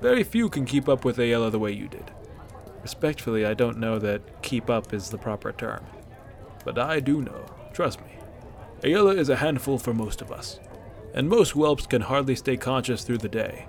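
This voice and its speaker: A man voicing a venerable, wise old warrior leader with calm dignity. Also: medium pitch, moderate pace, vocal fry.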